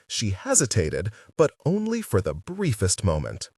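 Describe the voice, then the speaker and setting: Husky low-voiced man reading a novel. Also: a little slow, no room sound. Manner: wry, animated. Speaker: audiobook reader. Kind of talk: first-person novel narration. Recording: dry sound, distant mic.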